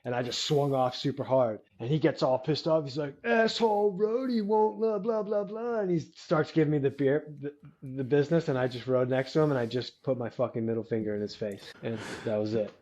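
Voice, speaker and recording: A man's voice: mid-range voice, steady tone, fairly quick, darkish tone. A man on a podcast ranting bluntly and emphatically, swearing freely. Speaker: podcast co-host. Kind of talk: casual chat. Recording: dull lo-fi podcast mic.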